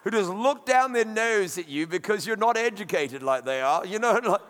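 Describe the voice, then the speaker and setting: A pastor preaching a sermon in a conversational, emphatic way, with friendly asides. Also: male voice, high voice, animated, moderate pace, fairly bright tone, in a large hall.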